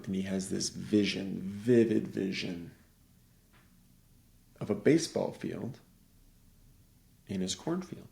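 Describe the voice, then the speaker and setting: A man's voice: lowish voice, steady tone, slow pace, creaky, pauses often, a little mellow. A middle-aged man in casual conversation, telling a rambling story and acting out the voices of the people in it.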